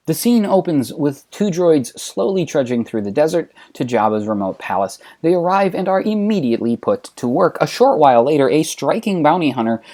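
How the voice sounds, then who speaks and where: Wry, animated comedy narrator. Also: medium pitch, moderate pace, hardly any pauses. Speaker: channel host, narrator. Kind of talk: comedic story retelling.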